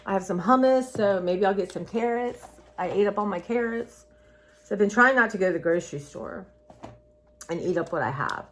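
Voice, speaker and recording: A woman's voice: medium pitch, expressive, brisk. A woman in her sixties chatting casually to her viewers, rambling from one thought to the next and calling them y'all. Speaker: vlogger. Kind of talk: casual chat to camera.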